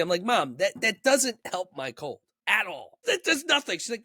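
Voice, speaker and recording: High-voiced excitable man, dry close sound. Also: moderate pace, hardly any pauses, no echo. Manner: excitable, profane, leaps into high exclamations. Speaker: podcast co-host. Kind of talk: casual banter.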